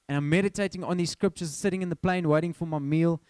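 A man preaching, his voice sitting a little high for a man. He tells his story in a lively way and acts out his own dialogue. The sound is dry and close, with no room echo. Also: fast, clean tone. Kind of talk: sermon.

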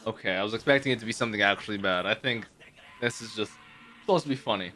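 A man hosting an anime reaction video, casual and excitable, swinging between loud hype and quiet musing, with some casual swearing. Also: on the low side, fast talker. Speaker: anime reaction channel host.

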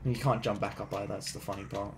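A man's voice: fairly low pitch, fairly even intonation, quick pace, heavy background noise. A man bantering casually with a friend over a video game, making dry ribbing remarks. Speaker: co-player.

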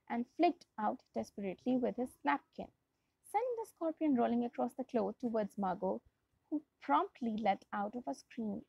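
A woman's voice: high-pitched, creaky, slightly rough, dry recording. A young woman with a Pakistani English accent, reading a storybook aloud to a class as their English teacher, often going back to restart a phrase. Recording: dull lo-fi dry recording.

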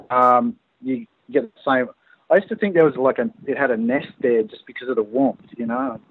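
Australian man, phone-in guest, halting storyteller full of fillers, thin phone-line sound, dry. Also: medium pitch, slightly rough, no echo. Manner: hesitant, many fillers and restarts. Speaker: guest recounting an encounter. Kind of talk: casual phone interview storytelling. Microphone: phone call.

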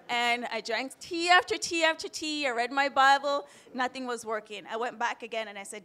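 Her pitch sits fairly high and her tone is sharp, with fairly even intonation at a normal speed. She is a panelist from Jamaica, in her thirties, giving personal testimony with raw emotion that sometimes brings her close to tears.

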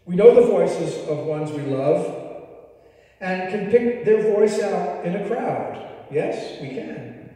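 A middle-aged man preaching a sermon as a parish priest, slow and gentle, now and then putting on playful voices in his stories. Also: sits high, animated. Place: large church. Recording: echoey church from a distance.

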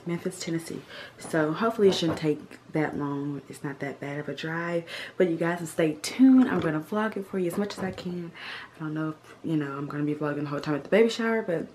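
A woman's voice: on the low side, a little hiss or hum. A young woman chatting casually to camera in a car, upbeat and chatty. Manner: chatty and upbeat, drawn-out repeats. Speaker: vlogger. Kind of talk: casual vlog chat to camera.

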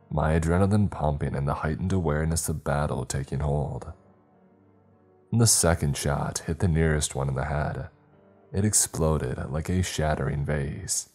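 A man narrating a scripted horror story in a steady, measured way. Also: rumbling low.

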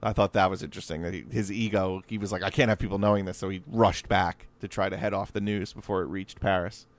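A man's voice: low voice, fairly even intonation, fairly quick. A man hosting a podcast, chatting casually about history with frequent laughs and restarts. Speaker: podcast host.

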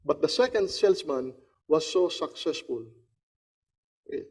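A man's voice: fairly high pitch, expressive, unhurried, a little mellow, husky. A man preaching a sermon, telling a story and repeating key phrases for emphasis. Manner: storytelling, acts out the characters' voices.

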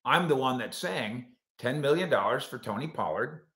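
A man's voice: mid-range voice, animated, moderate pace, fairly bright tone, echoey room. A man hosting a live sports show, reading viewer comments aloud and answering them with wisecracks. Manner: wisecracking, puts on silly voices for comments.

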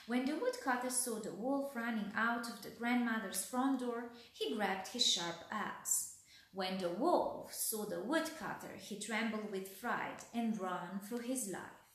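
A woman reading a bedtime story aloud as storyteller, gently. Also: a little high, a little slow. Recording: very echoey room.

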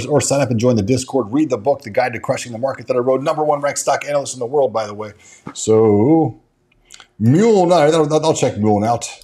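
A man's voice: mid-range voice, mellow. Rambling man hosting a stock livestream. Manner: rambling, with frequent restarts and fillers; reads out and answers viewer chat. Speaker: stock market show host. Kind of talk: casual livestream commentary.

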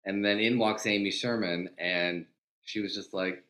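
Older male guest, low register, animated anecdotal delivery with acted-out quotes and casual swearing. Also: normal speed. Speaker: guest, TV comedy writer. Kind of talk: casual storytelling interview.

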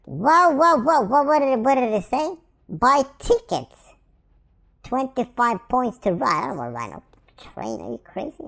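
A woman giving excitable let's-play commentary, playfully taunting the game characters as she plays. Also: on the high side, gravelly, a little hiss or hum. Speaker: gameplay commentator.

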